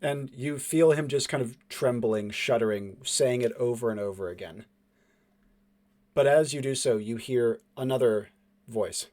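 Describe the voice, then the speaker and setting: A man's voice: mid-range voice, normal speed. Man narrating as game master. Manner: descriptive, with filler words and hushed dramatic drops. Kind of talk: narrating a tabletop role-playing game.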